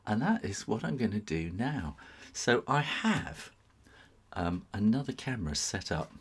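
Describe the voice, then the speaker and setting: A man's voice: lowish voice, sing-song, a little slow, breathy edge. Casting: middle-aged man, live-stream host, rambling and chuckling, voice rises and falls a lot. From England. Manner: chatty, chuckling, rambling asides. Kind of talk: casual live-stream chat.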